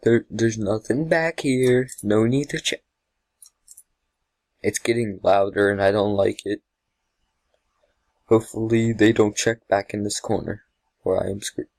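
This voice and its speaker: With a lowish, somewhat dark voice, a gamer talks a little slowly with long pauses as he casually reacts to his own play. He chats to himself, gets startled easily, yelps, and laughs a lot, with no room sound in the recording.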